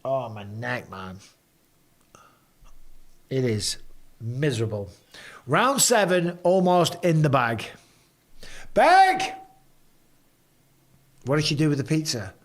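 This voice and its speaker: A man hosting a casual live stream from home, chatting and reading viewer comments aloud with quick banter. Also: mid-range voice, expressive.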